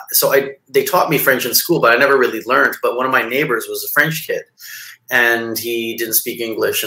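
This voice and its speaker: A man's voice: medium pitch, bright, forceful tone, reverberant, low-quality recording. A man in his forties from Montreal, a label founder talking as an interview guest in a rambling casual way with many fillers and restarts. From Montreal, Canada.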